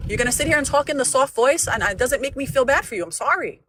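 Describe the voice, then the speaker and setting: A woman's voice: high voice, big pitch swings, fairly quick, a bit bright, a little hiss or hum. A woman hosting a livestream, ranting angrily and swearing often, repeating herself as she talks. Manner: angry, profane, repeats herself. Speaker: livestream host. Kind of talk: heated livestream rant.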